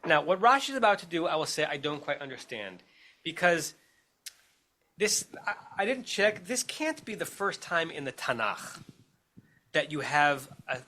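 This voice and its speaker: A man's voice: fairly high pitch, sing-song, normal speed, sharp tone, slight background noise. A man with an American accent, a rabbi teaching a text study class over a video call, explaining step by step and checking in with his listeners as he goes.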